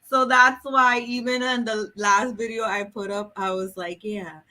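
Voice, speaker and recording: A woman's voice: on the high side, steady tone, slow pace, pushed and bright. A woman hosting a book vlog, chatting casually and jokingly with viewers during a livestream. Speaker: book vlogger host. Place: home in a city.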